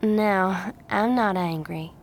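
A woman voicing a gentle young Southern woman who speaks softly and warmly. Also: mid-range voice, takes it slowly, a little hiss or hum. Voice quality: soft, gentle.

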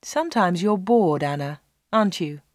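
A woman's voice: animated, no room sound, clean studio sound, natural voice. A woman doing a secretive, short-tempered man. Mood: insistent. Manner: lower, slow, insistent.

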